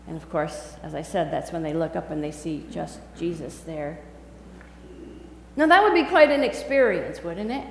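A woman pastor preaching a sermon in a conversational, animated storytelling way. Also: deep voice, normal speed, gravelly, reverberant, in a large hall, a little hiss or hum, rough recording. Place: church sanctuary.

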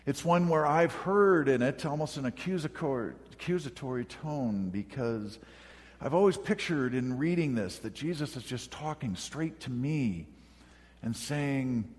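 A man delivers a sermon in a calm, conversational, storytelling manner, slipping in light humor as he goes. His voice sits at an ordinary middle pitch for a man. The sound carries a long hall reverb, as if recorded in a large church. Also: unhurried. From northern United States. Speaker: pastor.

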